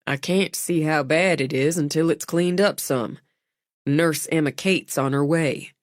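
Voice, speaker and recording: A woman's voice: deep voice, a little slow, dry recording, clean studio sound. A woman reading voices a small-town lawman who talks in a mild, matter-of-fact way. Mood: calm, official.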